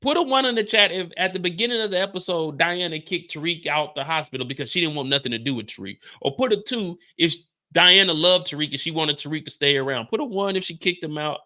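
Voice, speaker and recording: A man hosting a live stream, recapping a TV episode in animated, profane, blunt commentary. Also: high voice. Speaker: TV show recap host.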